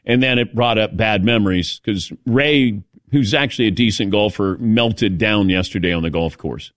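A middle-aged man hosting a radio talk show, telling an animated story and calling on his cohosts. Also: fairly low pitch, moderate pace, no echo, clean studio sound. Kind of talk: casual studio chat.

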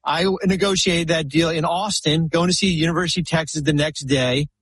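A man's voice: a little high, steady tone, fairly quick, a bit bright, breathy edge, no room sound. A man telling long, rambling anecdotes as a guest on a chat podcast, full of restarts and fillers. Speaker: podcast guest, former basketball executive. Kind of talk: casual storytelling chat.

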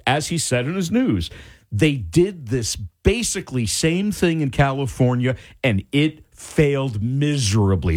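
A male radio talk show host giving his indignant opinions in an animated way. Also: medium pitch. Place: radio studio.

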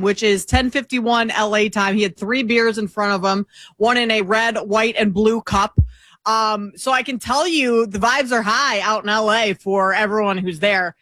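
A woman's voice: fairly high pitch, steady tone, measured pace, a bit bright, no echo. A woman co-hosting a talk show, chatting casually with frequent ums and a self-deprecating manner. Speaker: co-host.

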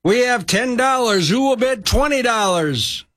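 A man voicing a persistent male auctioneer at an estate sale in a spoken sermon story, calling out bids with insistent, drawn-out calls. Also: extremely high pitch, animated, fairly bright tone, pitched above the performer's own voice, heavily acted.

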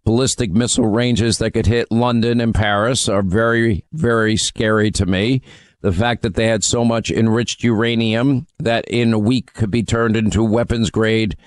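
A man's voice: lowish voice, steady tone, moderate pace, smooth, no room sound. A man hosting a call-in radio talk show, emphatic and opinionated as he takes callers.

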